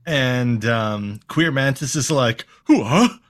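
Animated man recapping a cartoon. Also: medium pitch, normal speed. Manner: animated, jokey, acts out lines in silly voices. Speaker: podcast co-host. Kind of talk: casual comedic episode recap.

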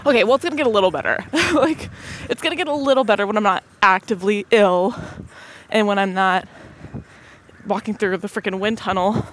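A woman's voice: medium pitch, fairly quick. A young woman with a cold talks into a headset mic as she walks, short of breath and sniffly. Her chat is loose and self-mocking, with jokes at her own expense. Passing cars and wind hiss faintly behind her. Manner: self-deprecating, joking, scattered. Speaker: podcast host. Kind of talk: rambling solo podcast chat. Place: outdoors on a windy street while walking. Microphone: headset mic on headphones.

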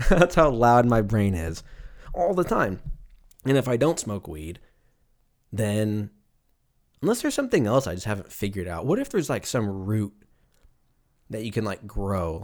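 A man rambles through a solo podcast monologue. He swears freely and jokes at his own expense. His pitch jumps all over the place as he talks. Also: darkish tone. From US West Coast. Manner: rambling, profane, jokey, laughs at himself. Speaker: podcast host.

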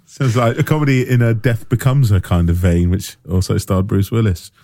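A man's voice: fairly even intonation, moderate pace, mellow, dry recording. A man co-hosting a casual film podcast, joking around and laughing often. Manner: jokey, laughs a lot, swings his pitch widely. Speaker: podcast co-host.

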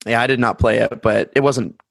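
A man co-hosting a gaming podcast, talking in a halting way and often restarting his words. His voice has a gravelly, creaky texture in a middle pitch. It is recorded close and dry. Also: fairly even intonation, dry recording. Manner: hesitant, restarts words, laughs along. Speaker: podcast co-host. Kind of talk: casual chat about video games.

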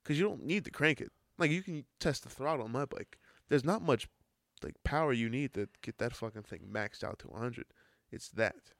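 Brash, swearing young man, gravelly edge. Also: mid-range voice, expressive, moderate pace, fairly bright tone, dry recording. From United States. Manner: swears freely, teasing and brash. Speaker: podcast guest. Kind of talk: casual late-night podcast chat.

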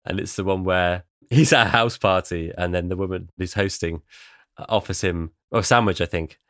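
Male podcast co-host, low pitch, relaxed wry explainer, dry close recording. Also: normal speed, no room sound. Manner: chatty, wry, explains at length. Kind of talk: casual chat about poetry.

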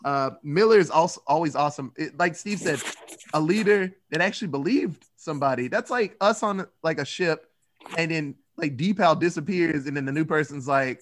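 A man's voice: a little high, brisk, a bit bright, a little hiss or hum. A man on a casual movie podcast, talking loosely and profanely, often acting out characters' lines. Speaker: podcast panelist.

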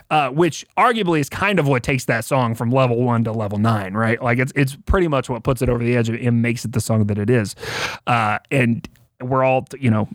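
A man's voice: medium pitch, no echo, studio quality. A man talking casually as a podcast guest, telling music history stories with lots of fillers and restarts. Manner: animated storyteller, fillers and restarts.

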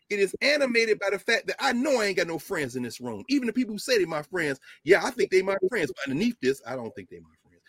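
A man giving an impassioned lecture with a preacher-like cadence, repeating phrases for emphasis and swinging from low murmurs to loud, emphatic peaks. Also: breathy edge, no room sound, clean studio sound. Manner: informal, with y'all and ain't. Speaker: lecturer speaking to a group.

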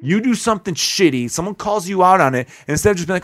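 A man's voice: high-pitched, animated, quick pace, a bit bright, no echo. A man in his thirties from Chicago, a comedian hosting a podcast, telling stories in a profane, ranting way. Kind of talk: casual podcast chat.

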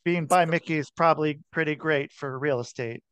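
A man's voice: a little high, moderate pace, a bit bright, smooth, no echo. A man hosting a podcast, chatting casually with a guest, swearing freely and restarting his sentences. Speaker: podcast host. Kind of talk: casual interview chat.

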